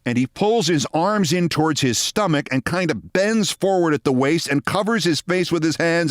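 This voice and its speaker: A male host tells a personal story, his pitch swinging widely as he acts out the voices of the people in it. The sound is dry and close. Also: moderate pace, few pauses, no room sound. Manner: lively anecdote-telling, acting out quoted people. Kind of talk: storytelling monologue.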